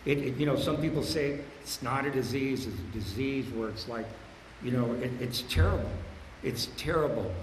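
A man in his sixties telling his recovery story at a meeting, rambling and repeating himself in blunt, streetwise talk, getting louder and higher on his punchlines. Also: normal speed. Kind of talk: personal recovery share. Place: meeting hall. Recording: echoey hall with room hum.

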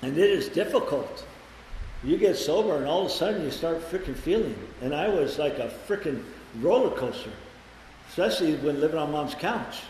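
A man in his twenties sharing his recovery story with a group, swearing freely and acting out voices with big jumps in pitch. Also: lively intonation, normal speed, darkish tone. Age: 20s. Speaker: recovery meeting speaker. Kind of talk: personal recovery share to a group. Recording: very echoey hall with long reverb, faint background noise.

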